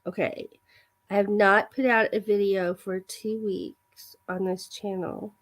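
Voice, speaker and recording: A woman's voice: medium pitch, level tone, takes it slowly. A woman hosting a casual live chat with her viewers, giggly and self-deprecating. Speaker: livestream host.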